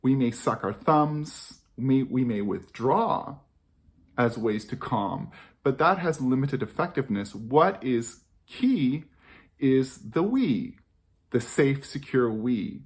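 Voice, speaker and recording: Speaking slowly and expressively in a mid-range voice, a man who teaches about parenting reflects on the subject to camera. He's earnest throughout, repeating important phrases for emphasis.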